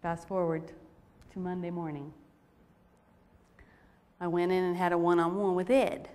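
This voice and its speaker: A woman sharing a personal testimony with a women's audience, telling her story in an animated, expressive way. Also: lowish voice, unhurried. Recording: reverberant hall recording.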